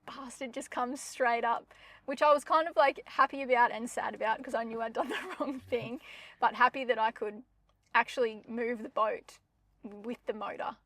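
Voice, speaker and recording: A young woman co-hosting a podcast, retelling a scary story in a dramatic, animated, casual way. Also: fairly high pitch, moderate pace. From Australia. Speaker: podcast co-host.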